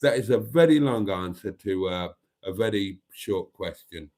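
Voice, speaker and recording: A man's voice: fairly low pitch, expressive, normal speed, a little mellow. A man hosting a casual live stream, rambling and self-mocking and laughing easily.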